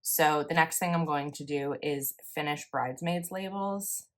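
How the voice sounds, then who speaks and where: A woman's voice: low voice, normal speed. A young woman, chatting casually and rambling a little as she talks through her planner. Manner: chatty, rambling, self-correcting. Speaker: planner vlogger. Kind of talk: casual voice-over while planning.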